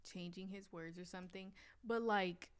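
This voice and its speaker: Hesitant woman with a smooth voice. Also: fairly low pitch, fairly even intonation, normal speed. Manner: hesitant, questioning, heavy use of "like". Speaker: reaction video host. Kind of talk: casual commentary.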